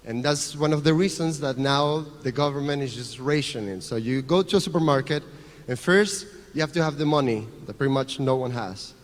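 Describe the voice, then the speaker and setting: A man's voice: mid-range voice, fairly quick, hardly any pauses. A man with a Venezuelan Spanish accent, a non-native English speaker, giving an earnest conference talk and repeating phrases as he explains. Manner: earnest, repetitive, restarts phrases while explaining. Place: large conference hall. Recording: long reverb of a conference hall.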